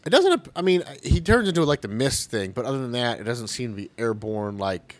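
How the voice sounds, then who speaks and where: Very animated and brisk, a medium-pitched man co-hosts a podcast in a dry recording. His casual chat is sarcastic and full of profanity, punctuated by frequent laughter.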